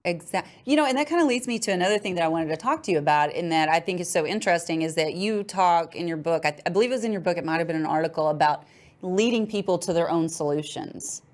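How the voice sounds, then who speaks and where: A woman hosting a podcast, talking quickly and casually with many fillers. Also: lowish voice, animated. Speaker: podcast host. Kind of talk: casual chat.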